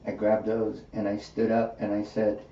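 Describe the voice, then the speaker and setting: Male host, casual anecdote teller, acts out quotes; mellow tone, distant mic, dull and roomy. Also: fairly low pitch, moderate pace, a little hiss or hum. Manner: animated, acts out quoted dialogue. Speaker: podcast host. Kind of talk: casual storytelling in conversation.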